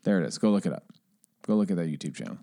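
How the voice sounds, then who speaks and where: Low-ish guy podcast cohost, casual, reads comments out and trips over words, jokey. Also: animated, rapid-fire, warm tone. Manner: playful, self-deprecating, stumbles while reading. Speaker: podcast co-host. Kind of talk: casual chat, reading listener comments aloud.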